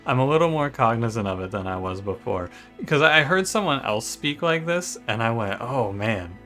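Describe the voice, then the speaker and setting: A man's voice: mid-range voice, lively intonation, moderate pace, sharp tone, faint music behind. A man with a Michigan accent, chatting casually and thinking aloud as he opens a let's-play video for his channel. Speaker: gaming YouTuber.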